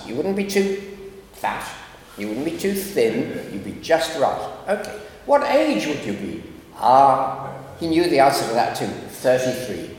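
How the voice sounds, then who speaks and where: A man, a philosopher, giving a lively, wry lecture full of asides. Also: mid-range voice. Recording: echoey lecture hall with faint background noise.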